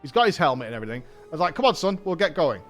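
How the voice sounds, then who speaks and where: Talking rapid-fire in a slightly high voice, a man hosting a stream recounts a story casually, cursing and doing impressions of people from it. Faint music plays beneath him.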